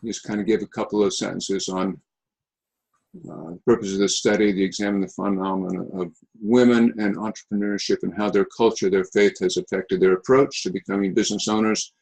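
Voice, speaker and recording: A man teaching on a video call, giving feedback in a halting way with many fillers and restarts. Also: fairly low pitch, steady tone, creaky, darkish tone, rough recording. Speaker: instructor. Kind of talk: online class feedback session.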